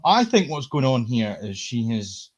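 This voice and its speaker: A man's voice: mid-range voice, big pitch swings, measured pace. A man chatting as a stream guest, incredulous and sweary. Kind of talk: casual chat.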